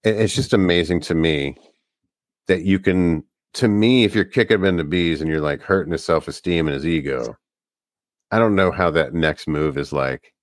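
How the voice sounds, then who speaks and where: A man from the Northeastern US co-hosting a podcast in casual chat, telling rambling, animated stories. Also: low voice, normal speed, no echo, studio quality. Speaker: podcast co-host.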